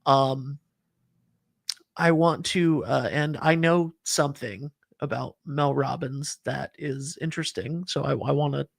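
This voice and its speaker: A man hosting a casual podcast, easygoing and halting as he leads into the next topic. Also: medium pitch, creaky, no echo, clean studio sound. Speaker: podcast host.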